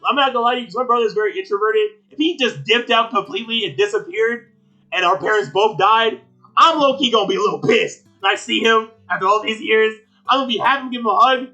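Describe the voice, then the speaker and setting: A man's voice: high voice, fast talker, sharp tone, lo-fi sound, faint music behind. A young man co-hosting a casual anime review podcast, rambling along in slang full of "like" and "bro". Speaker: podcast co-host.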